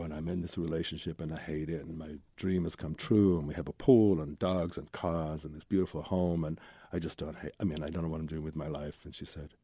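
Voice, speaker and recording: A man with a low, very dark and mellow voice tells his life story as an interview guest. His tone is husky and breathy, recorded close and dry. He talks candidly and rambles through long tumbling lists. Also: no echo. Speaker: guest, Zen Buddhist teacher.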